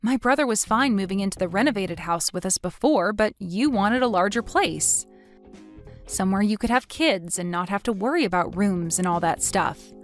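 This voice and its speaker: A woman's voice: mid-range voice, animated, normal speed, faint music behind. A woman reading a scripted text story aloud in a firm voice. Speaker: story narrator.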